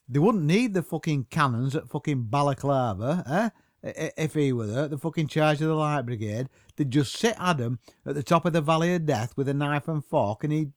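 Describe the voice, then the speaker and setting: Swearing man, lively. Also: a little high, dry recording, clean studio sound. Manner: swearing constantly, mocking, rambling. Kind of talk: profane comic rant.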